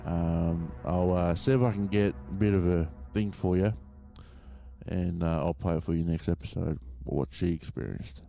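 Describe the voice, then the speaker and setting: A man's voice: deep voice, fairly even intonation, normal speed, gravelly, warm tone, faint music behind. An Australian man hosting a podcast, telling a story in a rambling, casual way with lots of fillers and swearing. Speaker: podcast host.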